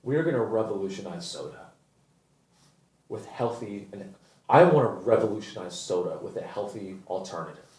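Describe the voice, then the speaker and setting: A man imitating a self-important woman startup founder in a hushed, mock-earnest voice. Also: on the low side, lively intonation, moderate pace, voice pushed down. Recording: echoey room, botched audio.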